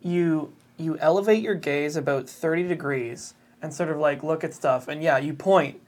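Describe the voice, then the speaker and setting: Low-voiced female co-host, deadpan quips. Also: moderate pace. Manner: dry, wry asides. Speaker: podcast co-host. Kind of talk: casual chat.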